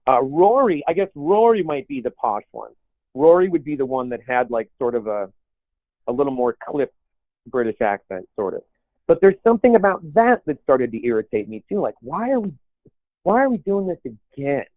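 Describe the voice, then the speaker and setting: A man's voice: a little high, big pitch swings, normal speed, no echo. A man co-hosting a podcast in casual chat, rambling with many restarts and put-on quotes. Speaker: podcast co-host. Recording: tinny phone-like sound, dry.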